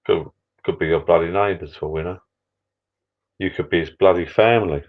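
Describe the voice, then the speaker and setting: A middle-aged man with a deep, low voice rambles to his live-stream viewers from a small backyard shed bar, tired and a few beers in, with the odd mild swear. The audio is dull and lo-fi, as if picked up by a laptop mic. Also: moderate pace. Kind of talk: casual live-stream chat.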